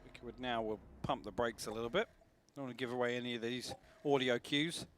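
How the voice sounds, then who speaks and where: Esports analyst guy, dry little quips, steady mid voice, noisy background. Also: mid-range voice, fairly quick. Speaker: esports caster. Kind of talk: live color commentary. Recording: broadcast mix with clear noise behind.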